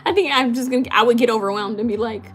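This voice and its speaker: A woman's voice: on the high side, fairly even intonation, fairly bright tone, slight background noise. Chatty giggly woman on a live stream. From California. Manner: chatty, giggly, with many fillers and quick repeats. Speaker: tarot reader hosting a live stream. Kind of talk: casual live-stream chat, answering viewer comments.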